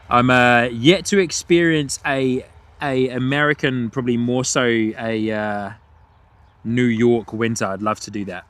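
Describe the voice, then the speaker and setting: A man's voice: mid-range voice, measured pace, a bit bright. Chatty British man with an Antipodean twang. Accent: British with an Australian and New Zealand twang. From United Kingdom. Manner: chatty, laughs often, reads out viewer chat. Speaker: livestream host. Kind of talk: live plane-spotting commentary. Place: outdoors at an airport.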